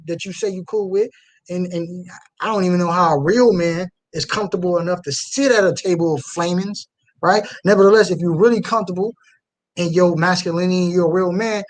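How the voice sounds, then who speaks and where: A young man with a notably high-pitched voice preaches and reacts live to a clip. He swings between low, muttered asides and heated, loud outbursts, full of fiery conviction. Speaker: street preacher reacting to a video.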